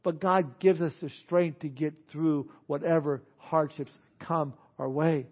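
A man preaching a sermon, telling a scripture story with lively asides. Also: fairly high pitch, unhurried. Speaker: pastor. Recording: dull lo-fi sermon audio.

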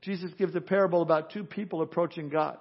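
High-voiced man preaching plainly. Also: steady tone, fast, husky. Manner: plain-spoken, emphatic, mimics people for effect. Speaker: preacher teaching through a book of the Bible. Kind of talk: conversational sermon. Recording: dull lo-fi recording.

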